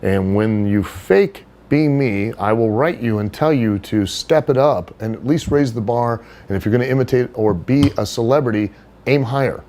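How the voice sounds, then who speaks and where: A middle-aged man in an interview, telling stories in a casual, animated way. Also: normal speed, slight background noise. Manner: animated storyteller, does high put-on voices for others. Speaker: wrestler being interviewed.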